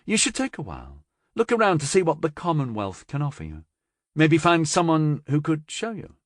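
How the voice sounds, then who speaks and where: A man's voice: on the high side, wildly swooping pitch, normal speed, no room sound, studio quality, voice pushed up. A man reading an audiobook voices a sassy, teasing woman with a cool, level manner. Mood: coaxing. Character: sassy, level-eyed older woman, teasing yet stern.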